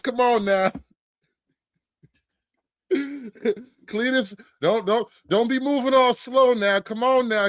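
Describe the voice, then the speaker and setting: A man's voice: high-pitched, a bit bright, dry recording, studio quality, voice pushed up. A man doing a rural gun-calling man. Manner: mocking, drawling, laughing between calls.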